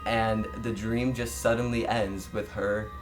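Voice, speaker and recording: A man telling the story of a dream in a casual way, acting out his own quoted lines with lively jumps in voice. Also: fairly low pitch, unhurried, music in the background. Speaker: interviewee recounting a dream.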